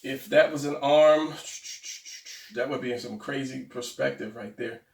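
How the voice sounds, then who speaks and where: A man with a gravelly, creaky voice explains drawing step by step, thinking aloud and fixing his own slips as he goes. He sounds a little far from the mic, in a roomy space that echoes. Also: mid-range voice, unhurried. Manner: rambling, self-correcting, talks to himself while drawing. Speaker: drawing tutorial host. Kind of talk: casual drawing instruction.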